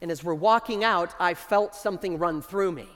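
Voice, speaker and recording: A middle-aged man telling a story in a keynote talk on stage, with energetic, enthusiastic delivery. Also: high-pitched, moderate pace. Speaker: conference speaker. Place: stage in a large hall. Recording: long reverb from a large hall.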